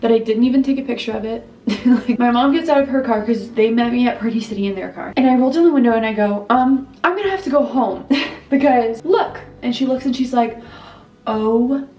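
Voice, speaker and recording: A woman's voice: on the high side, fairly even intonation, quick pace, warm tone, distant mic, dull audio, slight background noise. A young pregnant woman telling an emotional story in a vlog while doing her makeup, with quoted dialogue. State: pregnant, weepy. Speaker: family vlogger. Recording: roomy echo, voice off-mic.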